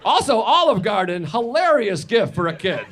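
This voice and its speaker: A man's voice: high-pitched, very animated, normal speed, a bit bright, some chatter behind. A man performing a stand-up comedy routine, telling exaggerated stories in a sardonic way. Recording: noisy clip played back in a reaction video.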